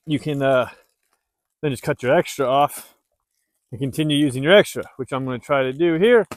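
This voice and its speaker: A man from the US Northwest, a homesteader, talking loudly and rambling with self-deprecating humor while he works outside in the snow. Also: a little high, no echo. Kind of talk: casual vlog narration while working. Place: outdoors in the snow at a dog pen.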